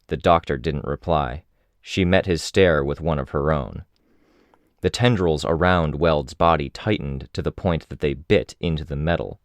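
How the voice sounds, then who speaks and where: Man, audiobook narrator, very low voice, dry close sound, steady pacing. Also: unhurried, no echo.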